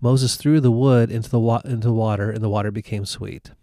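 A man's voice: lowish voice, fairly even intonation, fairly quick, warm tone, dry recording, studio quality. A man teaching from the Bible in a casual conversation. He retells the stories and acts out the quotes, with many fillers. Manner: storytelling with acted-out quotes, frequent fillers.

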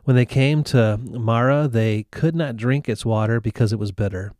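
Brief: male Bible teacher, mid-pitched, dry close sound, chatty storytelling with acted-out quotes. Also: normal speed, a little mellow, no echo.

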